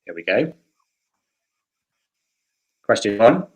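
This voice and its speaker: A man's voice: mid-range voice, big pitch swings, normal speed, long pauses, fairly bright tone, poor audio. Easygoing man hosting a quiz. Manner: easygoing, chatty, slightly hesitant. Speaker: quiz host. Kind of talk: casual quiz answer run-through. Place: home, livestream for a church quiz.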